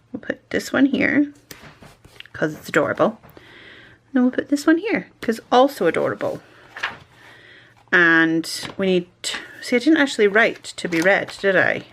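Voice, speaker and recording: A woman's voice: mid-range voice, a bit bright, slight background noise. A woman chatting casually as a stationery vlogger, self-deprecating and talking to herself while she works. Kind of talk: casual chat while crafting.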